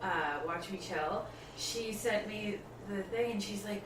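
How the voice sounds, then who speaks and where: A woman's voice: medium pitch, a little slow. A woman joining a casual chat, teasing and laughing. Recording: roomy and distant with faint noise.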